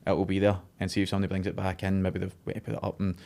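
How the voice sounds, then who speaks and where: Gravelly, very fast Scottish man. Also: low voice, monotone, darkish tone. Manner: blunt, earnest, repeats "see". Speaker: podcast guest, frame business owner. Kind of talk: casual podcast chat. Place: podcast studio.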